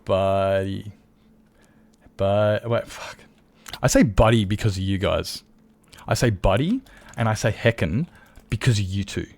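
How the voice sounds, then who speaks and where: A man chats to his viewers during a game stream in a low voice. His tone has a gravelly fry throughout. He rambles loosely, swears freely and often stops to correct himself. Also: lively intonation, normal speed, pauses often. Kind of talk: casual live-stream chat.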